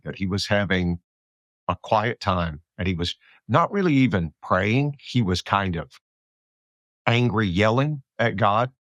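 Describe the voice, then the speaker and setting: A low-voiced man hosts a podcast, thinking aloud and circling back with frequent restarts. His voice is close and dry, with no room echo. He sounds reflective and conversational. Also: a bit bright. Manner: thoughtful, rambling, many restarts. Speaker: podcast host. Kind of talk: reflective interview chat.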